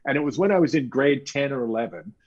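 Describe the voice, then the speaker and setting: Middle-aged interview guest from Canada, husky, spins anecdotes with acted-out quotes. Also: male voice, medium pitch, fast, muffled recording. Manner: animated anecdotes with quoted voices. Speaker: guest author. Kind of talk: storytelling interview talk.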